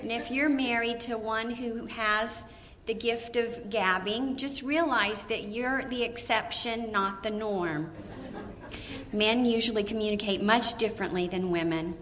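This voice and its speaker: Bright-voiced woman preacher. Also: fairly high pitch, unhurried, a little hiss or hum. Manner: animated storyteller, laughs often, acts out quotes. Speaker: women's ministry speaker. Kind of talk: storytelling sermon to a live audience.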